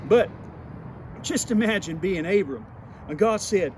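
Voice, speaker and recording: A man's voice: sits high, animated, a little slow, a little mellow. A man, telling a playful, folksy Bible lesson for children outdoors. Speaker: children's Bible teacher in character. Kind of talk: folksy kids' devotional. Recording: outdoor clip with traffic noise.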